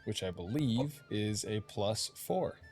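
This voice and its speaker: A man narrating as dungeon master of a tabletop game, telling the scene casually with quick asides. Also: fairly low pitch, expressive, a little mellow, soft background music.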